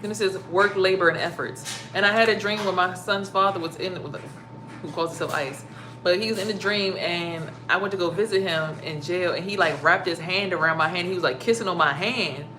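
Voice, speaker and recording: A young woman telling a story to her viewers in a casual, profane and animated way, acting out her own startled reactions. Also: on the low side, normal speed, over music. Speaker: spiritual vlogger.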